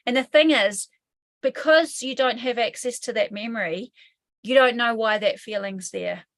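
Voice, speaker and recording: A woman with a New Zealand accent talks through trauma as an interview guest, in a somewhat high voice. She speaks frankly and casually, drops swear words, and acts out the voices in people's heads. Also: normal speed. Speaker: hypnotherapy trainer, guest. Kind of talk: explanatory interview talk.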